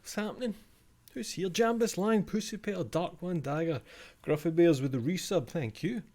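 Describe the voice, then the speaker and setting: A man's voice: sits high, normal speed, darkish tone. A man casually chatting on a live stream into a desk microphone, reading out viewer names.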